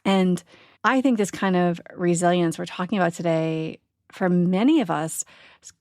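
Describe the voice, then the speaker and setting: A woman's voice: fairly low pitch, normal speed, darkish tone, dry recording, clean studio sound. A middle-aged woman hosting a podcast, telling a personal story earnestly and reflectively, often checking in with "right?". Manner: earnest, reflective, frequent "right?" asides and laughs. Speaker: podcast host.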